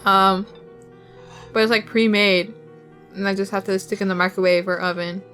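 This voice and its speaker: Bright-voiced young woman streamer chatting. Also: mid-range voice, little pitch movement, moderate pace, faint music behind. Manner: rambling, giggly, talks while eating. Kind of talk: casual chat with viewers.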